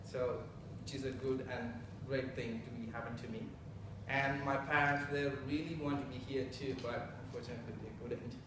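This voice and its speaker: A young man from India giving a halting, chatty speech at a citizenship ceremony, laughing often. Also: mid-range voice, little pitch movement, noisy background. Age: young adult. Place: council meeting room. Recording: echoey council chamber from far off.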